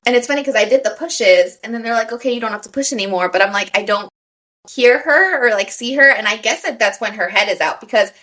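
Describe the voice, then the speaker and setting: A woman's voice: a little high, expressive, a little fast, fairly bright tone. Candid young American woman. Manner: candid, laughs often, acts out quotes. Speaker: podcast co-host. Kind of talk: casual chat.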